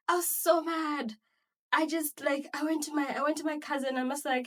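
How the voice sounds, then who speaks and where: High-voiced woman telling stories animatedly. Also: normal speed. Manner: animated, chatty, laughs often. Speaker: podcast host. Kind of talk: casual solo podcast storytelling.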